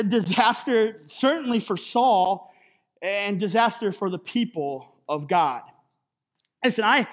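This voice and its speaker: A man's voice: high-pitched, a bit bright. A man preaching a sermon as pastor in a conversational way, with jokey asides and a habit of adding "right?" after his points.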